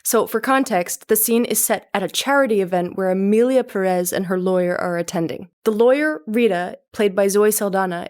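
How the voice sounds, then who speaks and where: A young woman talks through a music breakdown with a wry, sarcastic edge, often breaking into laughter. Her voice sits at a middling pitch, and her tone is casual and conversational, as if recording a video essay. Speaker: music commentary YouTuber. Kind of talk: video commentary.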